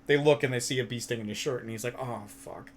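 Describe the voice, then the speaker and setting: A man's voice: medium pitch, rapid-fire, a little hiss or hum. A young man chatting casually as a stream co-host, telling funny stories, laughing often and swearing freely. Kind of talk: casual chat.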